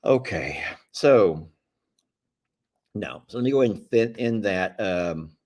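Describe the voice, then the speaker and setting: A man's voice: lowish voice, animated, slow pace, a little mellow, highs cut off. Folksy man rambling on a live stream. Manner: folksy, rambling, chuckles often. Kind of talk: casual live-stream chat.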